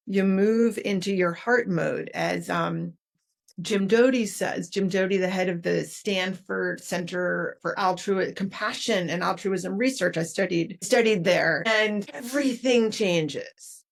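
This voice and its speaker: Low-key woman explaining with demonstrations. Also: measured pace, gravelly. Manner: animated, demonstrates tones of voice while explaining. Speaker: author and leadership consultant, guest. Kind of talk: podcast interview.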